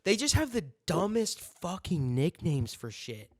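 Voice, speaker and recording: A man's voice: sits high, sing-song, unhurried, darkish tone, no echo, studio quality. A young American man co-hosting a podcast, casual and crude, joking and swearing freely. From United States. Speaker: podcast co-host. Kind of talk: casual chat.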